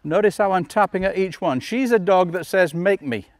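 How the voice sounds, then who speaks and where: A man training a dog outdoors, explaining each step and calling the dog with calm, coaxing commands. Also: high-pitched, brisk, no room sound. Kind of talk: instructional demonstration. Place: outdoors in a field.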